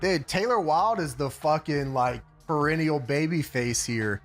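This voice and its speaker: A man's voice: fairly high pitch, unhurried, fairly bright tone, soft background music. A man co-hosting a livestream, talking sarcastically and swearing a lot. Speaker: co-host. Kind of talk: casual profane chat.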